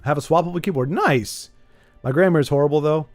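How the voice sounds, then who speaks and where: Man in a live-stream chat, a bit higher than usual, dry close sound, rambling and self-mocking, faint game music under him. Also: fast talker, dry recording. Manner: rambling, playful, self-deprecating, answers chat. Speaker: streamer playing a card game.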